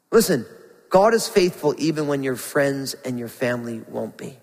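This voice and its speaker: A man preaching a sermon with passion, his voice climbing as he reads Scripture and dropping soft for questions to the congregation. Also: medium pitch, lively intonation, unhurried, long reverb tail, low-quality recording. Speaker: pastor.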